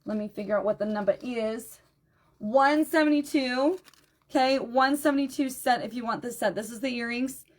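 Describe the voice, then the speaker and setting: A tired, low-energy woman chatting through a live-stream jewelry sale, greeting viewers by name and repeating item numbers. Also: moderate pace. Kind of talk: live-stream sales chat.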